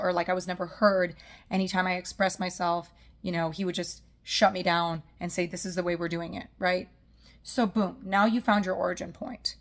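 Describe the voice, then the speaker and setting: Woman, healing coach; casual motivational talk, filler-heavy, gently guiding tone. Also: lowish voice. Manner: casual, full of "like" and "right?"; soothing, guiding the listener.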